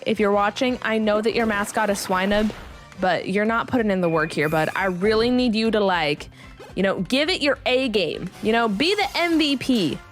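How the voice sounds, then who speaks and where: Young woman gamer chatting through a playthrough, high voice that swoops around a lot, soft music behind. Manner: bubbly and animated, with frequent laughs. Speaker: gaming video creator. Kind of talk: casual gameplay commentary.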